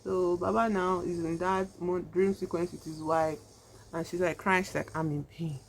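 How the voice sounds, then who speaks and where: A woman's voice: fairly low pitch, fairly even intonation, normal speed, a little hiss or hum. A woman vlogger chatting casually in a rambling way, full of fillers, while she does her makeup. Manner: chatty, rambling, heavy use of "like" and "you know". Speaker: vlogger reviewing a horror film. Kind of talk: casual chat.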